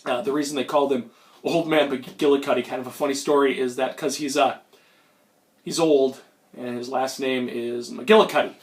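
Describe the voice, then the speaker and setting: At medium pitch and normal speed, with fairly even intonation, a young man from Minnesota recovering from a cold and a sore throat tells a meandering magic story at home indoors. He pokes fun at himself and says um and uh a lot.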